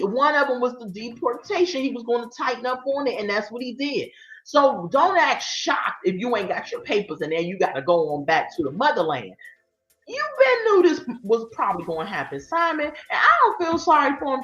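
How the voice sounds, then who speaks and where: A woman's voice: mid-range voice, big pitch swings, normal speed, a bit bright. Sassy woman hosting a livestream. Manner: sassy, chatty, talks to her audience. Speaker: livestream host. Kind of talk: casual commentary chat. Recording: roomy, dull lo-fi sound. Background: faint light music.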